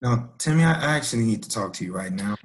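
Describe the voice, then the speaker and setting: A man playing a scheming, smooth-talking teacher. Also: medium pitch, animated, fast talker, natural voice. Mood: stern. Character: scheming adult male teacher. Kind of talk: improvised comedy skit.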